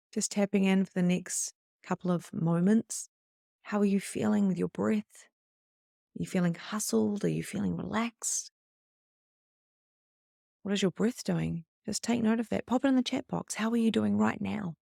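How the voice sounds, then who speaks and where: A middle-aged woman leads a live online spiritual workshop in a chatty, animated voice. She acts out her own moments of panic as she teaches. The sound is close and dry, with no room echo. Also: medium pitch, creaky. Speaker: spiritual coach.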